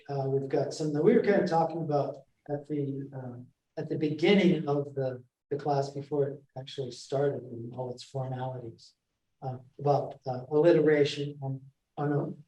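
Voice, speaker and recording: A man presenting a class in a library room, talking in a halting way with many fillers and restarts and often checking in with his listeners. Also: on the high side, fairly even intonation, warm tone. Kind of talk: classroom talk on reading verse aloud. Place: library meeting room, indoors. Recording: echoey room, voice from far off.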